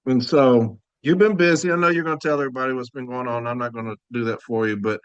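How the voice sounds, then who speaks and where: A man hosts his podcast in easy, casual talk, chatting and laughing with his listeners. His voice sits at an everyday middle pitch. The sound is close and dry, with no room around it. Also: fairly even intonation, fast talker, clean tone, no room sound, muffled recording. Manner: laid-back, laughing storyteller, addresses audience as y'all. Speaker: podcast host. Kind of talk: casual chat.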